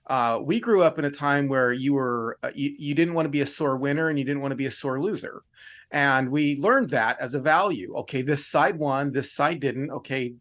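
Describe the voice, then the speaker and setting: A man's voice: mid-range voice, a bit bright. A middle-aged man hosting a casual chat, who lays out his ideas thoughtfully and at length. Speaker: podcast host.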